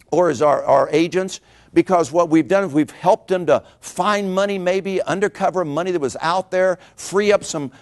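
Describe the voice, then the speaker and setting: A middle-aged man delivers a motivational money seminar at a rapid clip. His voice sits high for a man, and he keeps hammering points home with rhetorical questions. He sounds energetic and a little preachy. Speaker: financial seminar speaker.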